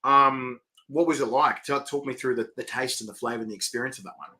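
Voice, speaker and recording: A middle-aged Australian man hosting a casual live-stream interview, rambling excitably and reading viewer comments aloud. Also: mid-range voice, fast. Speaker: host.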